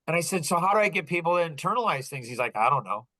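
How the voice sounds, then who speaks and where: A man hosting a business podcast, telling a story in casual talk, animated and laughing often as he acts out dialogue. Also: on the high side, racing, low-quality recording. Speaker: podcast host.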